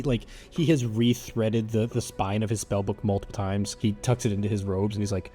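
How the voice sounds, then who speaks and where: A man narrating as game master of a tabletop game, rambling and animated. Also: on the low side, a little fast, few pauses, faint music behind.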